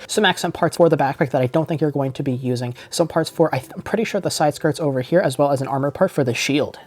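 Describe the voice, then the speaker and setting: A man's voice: on the high side, a little mellow. A man reviewing a model kit in a casual unboxing walkthrough, methodically listing parts one by one with small hedges.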